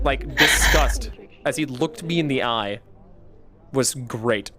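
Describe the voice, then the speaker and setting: A man chatting casually and profanely as a streamer, joking with his viewers and bursting into shouts. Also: mid-range voice, moderate pace.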